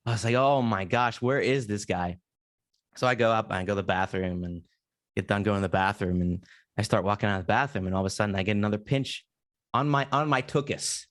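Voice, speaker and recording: A man's voice: on the low side, fast talker, fairly bright tone. A young man hosting a podcast, telling a story in casual chat and acting out his own panicked reactions. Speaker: podcast host.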